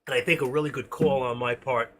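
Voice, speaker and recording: A man's voice: medium pitch, fairly even intonation, fast talker. A middle-aged man, talking through his trades on a live stream. He thinks aloud and rambles, joking as he goes. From New York. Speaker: day-trading live streamer.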